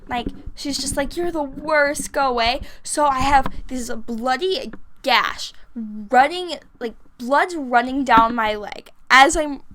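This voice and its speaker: Bright high-voiced young woman rambling. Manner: rambling, filler-heavy, animated. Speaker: vlogger. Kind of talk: casual storytime over a game build.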